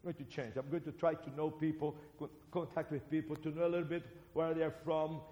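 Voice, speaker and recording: A man from Brazil with a Brazilian accent, preaching a sermon as a seminary teacher, animated and swinging between loud and soft. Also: a little high, fairly quick, lo-fi sound. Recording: reverberant hall.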